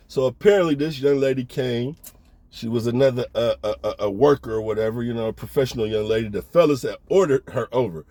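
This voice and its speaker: A man's voice: medium pitch, quick pace, mellow, no room sound. A man telling a story in a laid-back, slangy way, often checking in with the listener. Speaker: storyteller host. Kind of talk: casual storytelling.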